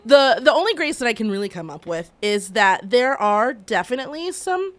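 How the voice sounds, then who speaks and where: A woman co-hosting a podcast, chatting casually and laughing easily. Her voice sits fairly high and swings up and down a lot. The sound is dry and close. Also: very animated, moderate pace, no echo. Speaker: podcast co-host. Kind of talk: casual chat.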